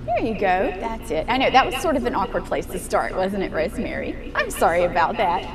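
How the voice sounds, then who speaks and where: Woman piano teacher, encouraging master-class coaching, animated pitch, piano heard in the room. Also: brisk. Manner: encouraging, asks guiding questions.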